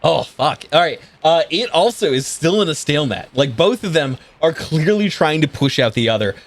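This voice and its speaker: A man's voice: a little high, lively intonation, moderate pace. Guy running a tabletop game, laid back, swears a lot, lots of uhs. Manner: casual, swears, many fillers. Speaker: game master.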